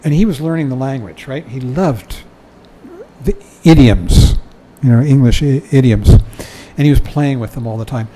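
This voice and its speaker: Reading from a book during a dharma talk, an older man adds conversational comments, chuckling often and saying "you know." He has a warm, medium-pitched voice and a moderate pace, though the audio is poor with a little hiss or hum.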